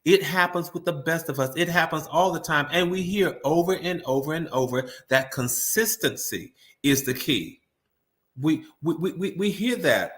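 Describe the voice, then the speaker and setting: A man's voice: fairly high pitch, lively intonation, normal speed, fairly bright tone. A man giving a live-streamed motivational talk, often repeating words as he restarts and calling his audience "you all.".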